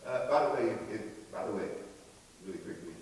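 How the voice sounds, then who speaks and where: A man's voice: lowish voice, animated, fast, darkish tone, recorded from a distance. A young man and visiting author telling a story to a school audience in a casual, slangy way, speaking straight to the crowd in a school auditorium. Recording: echoey hall from afar, faint hiss.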